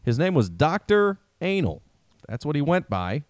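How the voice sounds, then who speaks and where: A man's voice: fairly high pitch, big pitch swings, moderate pace, no room sound, clean studio sound. A man co-hosting a casual comedy podcast, reading odd news stories with wry jokes and frequent laughter. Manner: joking, laughs often, wry storytelling.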